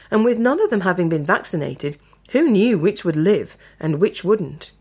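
A woman tells a story aloud in a measured, expressive narration. Her voice sits on the low side. She reads steadily. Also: slightly rough.

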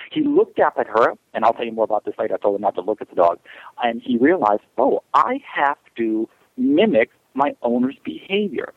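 Gravelly man on a tinny phone line. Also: mid-range voice, dry recording. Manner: emphatic, acts out voices in examples. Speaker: dog trainer guest. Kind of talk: animated interview talk.

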